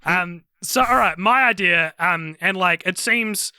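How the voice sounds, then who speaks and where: Podcast host guy joking around, really bright tense voice, dry close sound. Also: high-pitched, clear, resonant tone, no room sound. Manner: joking, quick asides. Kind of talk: casual podcast chat.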